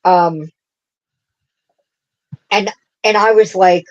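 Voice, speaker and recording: Woman hosting a craft stream, chatty and rambly, laughs a lot, talks nice and slow. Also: medium pitch, lively intonation, lo-fi sound. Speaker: craft show host. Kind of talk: casual livestream chat.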